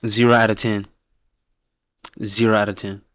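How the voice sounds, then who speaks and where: A man hosting a casual reaction stream who rates viewers' team picks, talking bluntly and with lots of swearing, laughing often and dropping to a low mumble when he reads out names. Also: flat delivery, normal speed, fairly bright tone, dry recording. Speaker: host reacting to viewers' fan-picked football teams.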